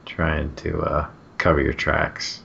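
A man's voice: rumbling low, completely flat delivery, takes it slowly, vocal fry, fairly bright tone. A man co-hosting a casual film commentary, joking and laughing often. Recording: dull lo-fi audio with faint hiss.

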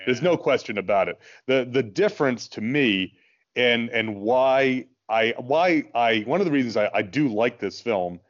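A man co-hosting a podcast, chatting casually about films and working through his points out loud. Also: mid-range voice, lively intonation, unhurried, muffled recording. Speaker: podcast co-host. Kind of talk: casual film discussion.

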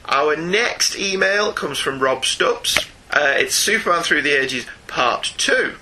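A chatty podcast co-host reads listener emails aloud, slipping in laughs as he goes. His voice sits a bit high and sounds very bright and sharp. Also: animated, takes it slowly, hardly any pauses, rough recording. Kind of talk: casual chat and reading listener emails.

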